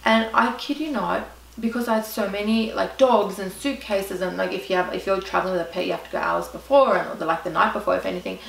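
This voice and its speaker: A woman's voice: mid-range voice, fairly even intonation, fast, gravelly, fairly bright tone, reverberant, far from the mic, rough recording. A young Australian woman telling a storytime vlog, chatty and dramatic, with lots of "like". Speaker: vlogger.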